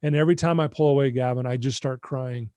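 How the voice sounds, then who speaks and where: A man's voice: mid-range voice, fairly even intonation, quick pace, warm tone, clean tone, no room sound. A middle-aged man, a guest on a podcast interview, telling his recovery story in an earnest, heartfelt way and speaking straight to the host over a video call. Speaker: guest, addiction recovery mentor.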